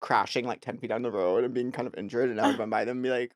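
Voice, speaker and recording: A man's voice: medium pitch, rapid-fire, dry recording, clean studio sound. A man co-hosting a podcast, telling stories in a casual chat and acting out the people in them. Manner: animated storyteller, acts out voices. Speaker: podcast co-host.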